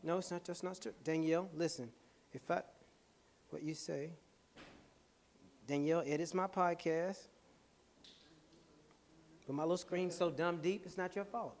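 A man hosting a podcast, giving an animated, laughing, preacher-like motivational talk to a live audience. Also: fairly high pitch, unhurried, long pauses. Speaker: podcast host and speaker.

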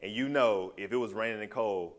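Low-voiced man telling a heartfelt story. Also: a little fast. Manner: animated storytelling, heartfelt, loose and conversational. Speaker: speaker sharing a personal story. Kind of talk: personal testimony to a small group.

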